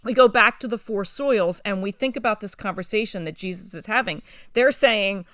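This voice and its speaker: A woman co-hosting a Bible study discussion, talking with enthusiasm and growing animated as she retells scripture. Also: medium pitch, fairly quick, no echo, clean studio sound.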